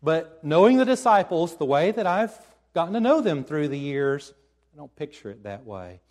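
A male pastor giving a sermon in an animated storytelling manner, acting out the lines he quotes. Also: fairly high pitch, moderate pace.

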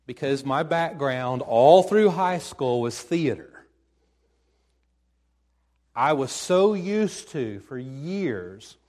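Animated male preacher acting out stories. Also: fairly high pitch. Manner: animated storytelling, acting out quoted lines. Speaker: pastor. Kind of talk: sermon.

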